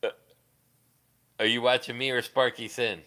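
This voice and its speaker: A man chatting casually on his live stream and answering viewers in a rambling, crude way, with quick laughs and many restarts. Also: mid-range voice, level tone, sharp tone.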